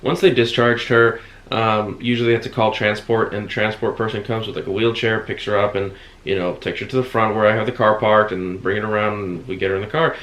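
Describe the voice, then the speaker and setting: A man casually retelling a hospital visit, acting out other people's words. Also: brisk. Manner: animated retelling, acts out quotes with sudden high shouts. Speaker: vlogger recounting a hospital visit. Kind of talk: casual storytelling. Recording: echoey room.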